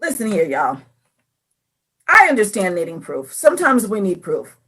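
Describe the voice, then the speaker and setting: Lively woman chatting. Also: medium pitch, normal speed, slightly rough. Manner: animated, acts out quoted voices. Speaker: podcast co-host. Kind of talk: casual faith chat, reading scripture.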